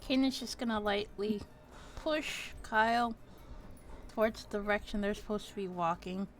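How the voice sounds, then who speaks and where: A woman describing her character's actions as a player in a tabletop game, in a deliberate way. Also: medium pitch, faint music behind. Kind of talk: casual tabletop play.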